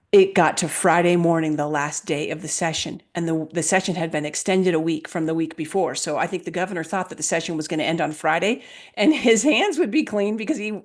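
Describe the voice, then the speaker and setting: A woman guest recounting events with emphatic, quoted dialogue in an animated interview conversation. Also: on the low side. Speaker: guest, health freedom advocate.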